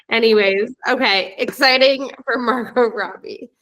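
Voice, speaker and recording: Bright, chatty woman podcast host. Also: a little high. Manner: chatty, laughs easily, swears. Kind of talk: casual chat.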